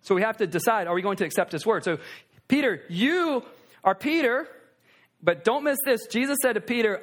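A man preaching a sermon, conversational and animated, with asides to the congregation. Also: high voice, a little fast. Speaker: pastor.

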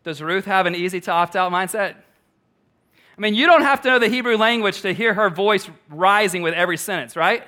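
Male pastor, sermon, bright forceful tone, emphatic, repeats key lines. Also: high voice, a little fast.

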